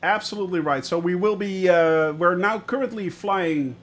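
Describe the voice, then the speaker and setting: A man streaming a flight simulator, chatting to viewers in a relaxed way with many filler sounds. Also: high voice, normal speed. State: watery eyes, about to sneeze. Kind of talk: live-stream commentary.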